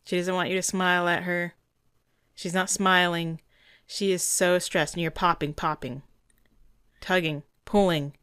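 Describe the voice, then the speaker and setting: Woman, low pitch, dry close sound, indignant video commentary, dog trainer. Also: little pitch movement, unhurried, a bit bright, smooth, dry recording. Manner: earnest, indignant, frequent restarts.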